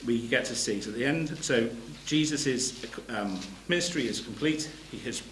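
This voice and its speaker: A man's voice: medium pitch, normal speed, fairly bright tone, a little hiss or hum. Man preaching in an echoey room. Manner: reads scripture aloud between plain explanations, with restarts. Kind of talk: sermon.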